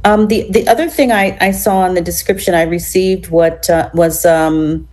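A woman's voice: fairly low pitch, steady tone, normal speed, a little mellow. A woman hosting an interview, asking questions conversationally and giving frequent affirming murmurs. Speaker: interviewer, show host.

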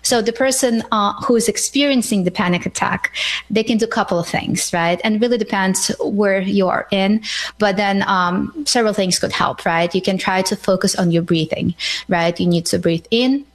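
A woman speaking as a guest expert, answering questions calmly and patiently, often checking in with "right?" and pausing on fillers. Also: medium pitch, rough recording. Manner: calm, patient, says "right?" a lot, many fillers. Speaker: mental health guest expert. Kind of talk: explanatory interview answers.

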